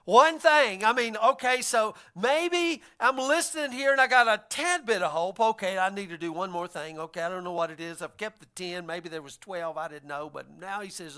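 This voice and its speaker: Lively high-voiced preacher man. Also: moderate pace, hardly any pauses, clear, resonant tone. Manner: animated storytelling, acting out voices of the figures. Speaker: pastor. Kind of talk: sermon.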